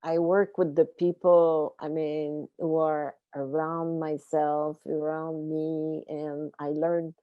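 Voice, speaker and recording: Woman, very low pitch, slow, hesitant, dull dry recording. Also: little pitch movement, smooth, no room sound. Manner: hesitant, self-correcting. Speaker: filmmaker. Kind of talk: panel discussion answer.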